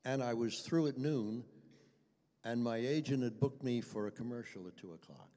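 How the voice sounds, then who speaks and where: This older voice actor guest has a mid-range, dark-toned voice and talks at a normal speed while telling anecdotes at a convention Q&A. He's chatty and self-deprecating with frequent chuckles, and the panel room echoes.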